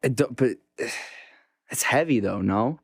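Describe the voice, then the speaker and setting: A man hosting a casual interview who asks halting questions and searches for his words. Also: mid-range voice, animated, breathy edge. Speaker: podcast host.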